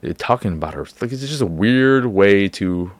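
A man's voice: fairly low pitch, expressive, moderate pace, no echo. A man hosting a podcast, rambling in casual talk with lots of fillers and hedges. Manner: rambling, hedging, many fillers. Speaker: podcast host.

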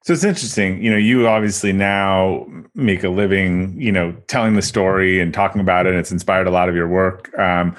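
Man, very deep pitch, casual interviewer, halting and relaxed. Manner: relaxed, halting, with many restarts. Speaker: podcast host.

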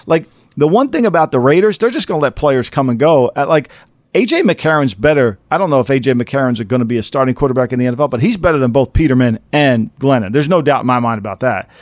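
A man co-hosting a casual sports podcast, talking animatedly and jumping up to incredulous highs. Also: lively intonation, fast talker, dry recording. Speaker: podcast co-host.

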